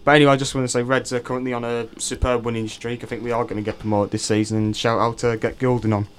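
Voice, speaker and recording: Young radio host, rambling. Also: male voice, medium pitch, fast talker, a little hiss or hum. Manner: excitable, rambling storyteller. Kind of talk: casual chat.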